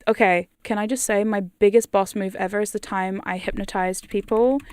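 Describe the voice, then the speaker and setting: A woman's voice: medium pitch, steady tone, normal speed, a little mellow, clean tone. A woman ASMR streamer chatting casually on a live stream, giggly and rambling with casual swearing.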